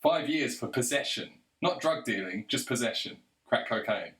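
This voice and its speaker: A man rants straight to the camera, angry and sarcastic, swearing freely as he goes. His voice sits at an ordinary male pitch, and the room around him lends a noticeable echo. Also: expressive, normal speed, fairly bright tone. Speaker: video commentator. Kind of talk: ranting monologue. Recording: roomy echo.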